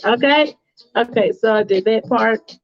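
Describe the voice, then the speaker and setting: A woman's voice: a little high, unhurried. A woman casually reading her fanfiction aloud, with chatty asides to listeners. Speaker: storyteller host. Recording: dull lo-fi recording.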